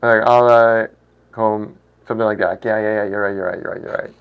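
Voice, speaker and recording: A man's voice: lowish voice, fairly even intonation, brisk, smooth, highs cut off. A man in his thirties hosting a casual livestream, chatting with viewers, laughing often and stumbling through foreign words. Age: 30s. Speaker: livestream host.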